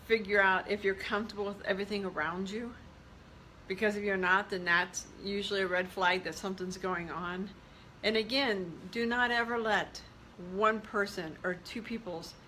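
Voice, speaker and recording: A woman self-help vlogger speaks casually and candidly to her audience, mixing blunt asides with encouragement. Her voice sits mid-range and sounds bright and forceful. There is a faint hiss behind her. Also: mid-range voice, rough recording. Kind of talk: casual motivational talk to camera.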